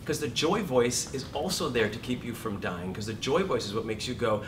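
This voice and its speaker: A middle-aged acting teacher lectures his class in an animated, joking way, acting out the inner voices he describes. He sounds far from the mic in a roomy space. There's steady background noise behind him. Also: medium pitch, a little fast, few pauses. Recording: echoey room, far from the mic, noisy.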